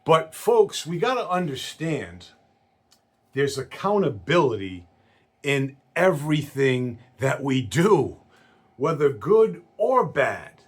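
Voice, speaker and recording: A man telling a story from his work in insurance in a casual way, acting out the people in it with lively voices. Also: a little high, slow pace, slightly rough. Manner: animated storyteller who acts out quoted voices.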